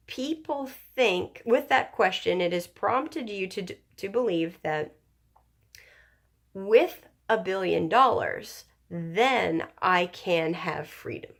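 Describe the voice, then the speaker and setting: A woman talking slowly and thoughtfully to her channel's viewers, giving motivational advice with many ums and pauses. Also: on the low side, creaky. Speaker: channel host sharing personal growth advice. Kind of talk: reflective motivational talk to camera.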